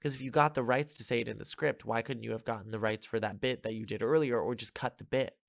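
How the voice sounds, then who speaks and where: This is a man at a middle pitch hosting a podcast, talking through a film's plot in a loose, meandering way. He leans on fillers and drops sarcastic little jabs as he goes. The sound is close and dry. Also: fairly even intonation, fast talker, gravelly, few pauses, dry recording. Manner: rambling, filler-heavy, sarcastic asides. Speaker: podcast host. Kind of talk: casual film recap.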